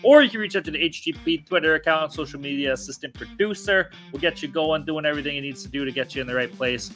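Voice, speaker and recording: Bright-voiced, hyped-up male podcast host. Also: a little high, quick pace, soft background music. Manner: loose, profane and hyped-up. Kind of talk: casual sports betting chat.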